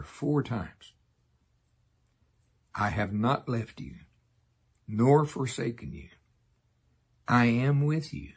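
An older man preaching a sermon in a folksy way, laughing often and slowing down to repeat lines solemnly. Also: mid-range voice, lively intonation, slightly rough.

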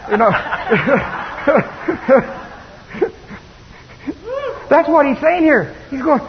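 A man preaching a sermon in a folksy, animated storytelling manner, laughing as he goes. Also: extremely high pitch, measured pace, pauses often. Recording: dull lo-fi recording with long reverb and faint hiss.

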